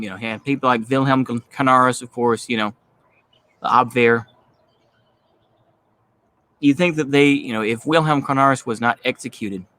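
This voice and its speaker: Thirties Texan guy vlogging, rambling, profane and dismissive, mid-pitched voice. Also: a bit bright, dry recording. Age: 30s. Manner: blunt, profane, dismissive rambling with many fillers. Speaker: political commentary vlogger. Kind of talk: casual ranting monologue.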